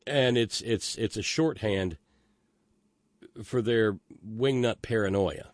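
Male podcast host, deep-ish voice, sardonic and profane, rambling, dry close sound. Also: slow, no echo. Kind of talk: casual political commentary.

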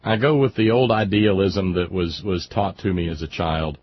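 A man with a fairly low voice speaks in a wry, articulate way, though he often stammers and restarts his sentences. The recording is dull and lo-fi, with a faint hiss underneath. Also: fairly even intonation, moderate pace. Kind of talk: casual political chat.

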